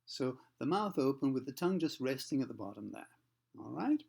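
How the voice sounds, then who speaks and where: A man teaching pronunciation in a patient, step-by-step way. He slows down to model sounds carefully and keeps checking that the listener is following. His voice sits at an ordinary middle pitch. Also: big pitch swings, vocal fry, darkish tone, breathy edge. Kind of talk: explanatory lesson for learners.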